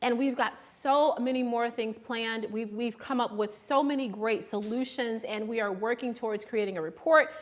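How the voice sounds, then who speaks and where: A woman's voice: a little high, normal speed, hardly any pauses. A young adult woman hosting a live shopping show, chatting casually and upbeat, often restarting her sentences.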